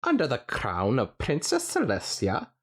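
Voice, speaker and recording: A man's voice: mid-range voice, huge pitch swings, measured pace, fairly bright tone, pitched above the performer's own voice, exaggerated voice. A man doing a quizzical time-traveling stallion. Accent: attempted Scottish. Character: eccentric male time-traveling pony stallion.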